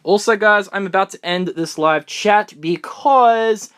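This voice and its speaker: A man's voice: high voice, unhurried, clean tone. Chatty young man on a phone livestream. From Australia. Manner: chatty, excitable, answers comments on the fly. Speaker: fan vlogger. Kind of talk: casual live-stream Q&A. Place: room full of books, indoors.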